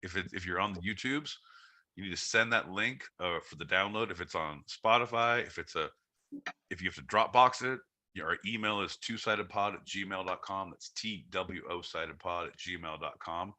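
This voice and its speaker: A man hosts a live-streamed podcast in loose, rowdy banter, joking and swearing as he rambles between topics. His voice sits a little low but rings bright and forceful. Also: normal speed. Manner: loud, rambling, profane joking. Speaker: podcast host.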